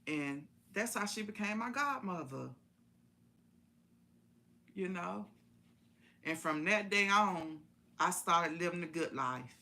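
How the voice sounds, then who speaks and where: A woman's voice: lowish voice, lively intonation, slow, pauses often, pushed and bright. A woman telling a personal story in a casual, folksy way on a live stream, repeating phrases for emphasis.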